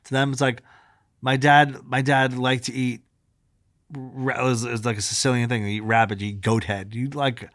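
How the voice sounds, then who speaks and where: A man rambles through family stories as a podcast co-host. He speaks at a middle pitch, heavy with fillers. The recording is close and dry. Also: flat delivery, normal speed, a bit bright, no echo. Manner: rambling, frequent fillers, laughs at own stories. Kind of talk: casual chat.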